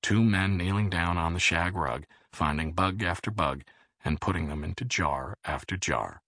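Deep, gravelly male audiobook narrator. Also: no room sound, studio quality. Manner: measured, expressive reading.

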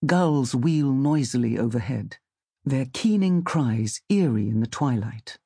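A man reads a story aloud in a calm, measured audiobook style. His voice sits at a middle pitch with a slightly breathy texture. The close mic leaves the sound dry, with no room around it. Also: dry recording. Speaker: narrator. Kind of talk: scripted audiobook narration.

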